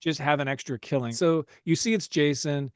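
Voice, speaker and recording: Animated man recapping a movie. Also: fairly high pitch, normal speed, no room sound, studio quality. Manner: animated, laughing storyteller. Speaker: podcast host.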